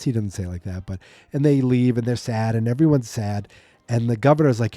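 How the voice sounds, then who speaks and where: Male podcast host, mellow tone, dry close sound, loose rambling recap delivery. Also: mid-range voice, moderate pace, no echo, soft background music. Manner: rambling, self-correcting, mock-quoting characters. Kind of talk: casual episode recap.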